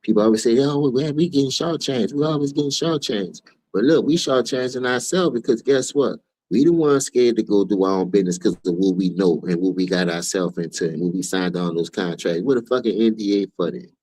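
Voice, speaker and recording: A man's voice: on the low side, brisk, dark tone, no room sound, poor audio. Fired-up New Orleans man ranting. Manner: profane, fired-up, preachy. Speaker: streamer host. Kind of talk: heated commentary rant.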